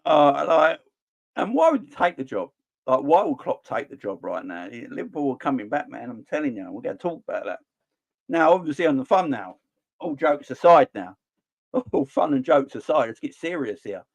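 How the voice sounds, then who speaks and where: A man's voice: mid-range voice, moderate pace, creaky, muffled recording. A young man hosting a fan livestream in casual, jokey, blunt chat. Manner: animated, jokey, blunt slang. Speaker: fan channel host.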